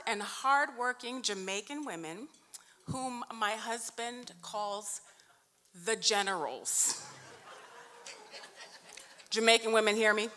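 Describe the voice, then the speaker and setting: A woman from New York delivers an award acceptance speech in a large hall, slow and deliberate. Her voice is forceful and bright, and she stretches her key words with heartfelt emphasis. The room rings with a long reverb. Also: on the high side. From New York, USA. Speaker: award honoree and union vice president. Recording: echoey hall.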